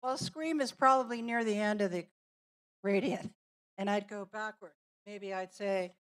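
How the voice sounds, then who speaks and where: A woman presenting a teacher training workshop in a classroom, explaining an activity step by step and walking through examples. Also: mid-range voice. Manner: slow, deliberate, explaining and demonstrating with examples.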